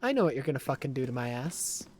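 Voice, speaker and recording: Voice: mid-range voice, big pitch swings, fast talker, a little mellow. Profane, dramatic game streamer. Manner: profane, dramatic complaining, laughs often. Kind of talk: live gameplay commentary.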